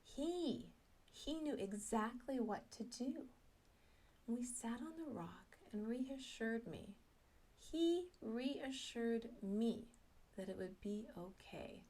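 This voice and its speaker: A middle-aged woman tells a personal story with a fairly high voice. She takes her time, letting each phrase land slowly. Her delivery is self-mocking and animated, and she acts out her own thoughts. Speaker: speaker sharing a personal story.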